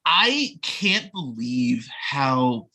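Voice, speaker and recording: A podcast host chatting casually about a movie, animated, swearing often and leaning on "like" fillers. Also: mid-range voice, extremely slow. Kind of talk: casual movie review chat.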